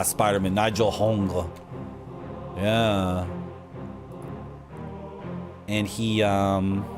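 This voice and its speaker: A man streaming a game live, talking in a rambling, jokey way and drifting into tangents. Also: mid-range voice. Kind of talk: live gameplay commentary. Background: game music.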